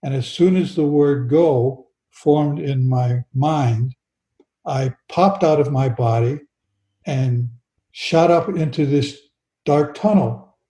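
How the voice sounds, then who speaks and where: Older man telling a story, mellow voice. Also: medium pitch, echoey room, rough recording. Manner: slow, earnest storytelling with frequent restarts. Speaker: guest. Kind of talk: personal story in an interview.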